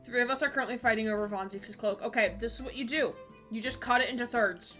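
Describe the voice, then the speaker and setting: A woman's voice: a little high, bright, forceful tone, soft background music. A woman streaming a game live, chatting casually with her viewers and often laughing. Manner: giggly, chatty, quick asides to chat. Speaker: Twitch streamer playing a game with a voice partner.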